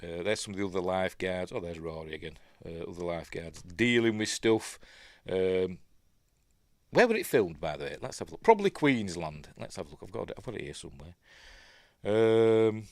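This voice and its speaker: A man's voice: deep voice, animated, fairly quick, darkish tone, no room sound, clean studio sound. A man with a Yorkshire accent talks through a film in a casual, rambling way, full of ums and asides. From Yorkshire, England. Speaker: film reviewer.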